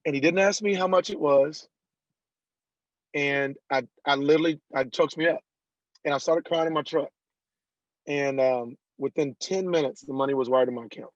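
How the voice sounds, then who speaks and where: A man guests on a casual interview podcast and tells his story in an animated way, acting out the people he quotes. His voice sits a touch high. The sound is dull and lo-fi, with a dry, close feel. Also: normal speed, long pauses, no room sound. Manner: animated storyteller who acts out quoted dialogue. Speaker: guest, country singer.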